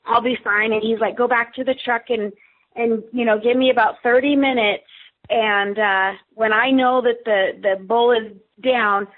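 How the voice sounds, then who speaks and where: Over a tinny phone line, a woman with a voice on the high side speaks at normal speed. She's a guest telling a story in casual chat, lively as she acts out what people said.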